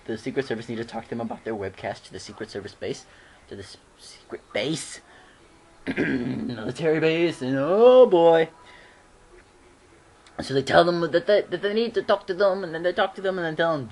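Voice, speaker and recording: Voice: mid-range voice, slight background noise. A fan recapping a TV episode in a casual vlog, rambling and giggling, with frequent restarts. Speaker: show reviewer.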